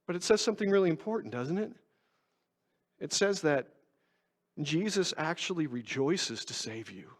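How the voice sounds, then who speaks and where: A man's voice: on the high side, lively intonation, moderate pace, pauses often. A man preaching a sermon in a conversational, self-mocking way, asking his congregation rhetorical questions. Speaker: pastor. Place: church sanctuary. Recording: long church reverb.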